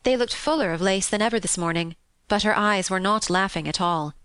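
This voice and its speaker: A woman reading a classic children's novel aloud in a calm, steady and expressive narration. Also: mid-range voice, a little fast, clean tone, no room sound. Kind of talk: scripted storybook narration.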